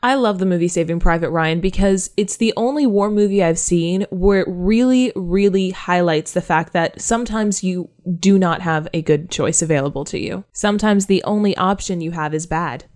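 A woman's voice: fairly low pitch, moderate pace, hardly any pauses, darkish tone. A woman co-hosting a podcast, playful and thoughtful in casual talk. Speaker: podcast co-host.

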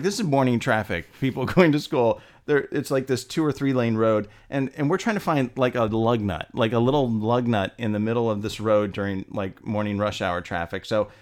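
A man in casual conversation, telling a long personal story with lots of energy. He laughs often and pushes his voice up when he gets worked up, at a middling pitch. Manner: animated, laughs often, rising with indignation.

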